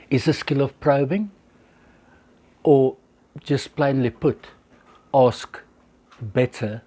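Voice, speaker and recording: A man's voice: medium pitch, warm tone, breathy edge. A man, teaching social skills in a talk to camera and acting out little example dialogues. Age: 60s. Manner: illustrates with acted examples. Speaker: life coach.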